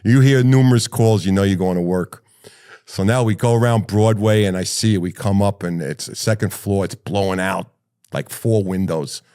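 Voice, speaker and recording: A middle-aged man with a fairly low voice recounts his firefighting years. He tells the stories with animation and a loose, profane bluntness. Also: normal speed, smooth. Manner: animated storyteller who swears freely. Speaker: retired firefighter guest. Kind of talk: personal storytelling.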